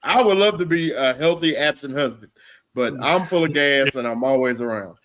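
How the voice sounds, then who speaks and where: A man's voice: mid-range voice, normal speed, a bit bright. A man co-hosting a comedy podcast, chatting casually and reading out jokes between fits of giggles.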